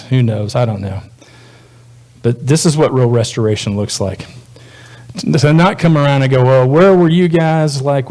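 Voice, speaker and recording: A man's voice: medium pitch, warm tone. A male pastor delivering a sermon in a conversational, folksy preaching manner.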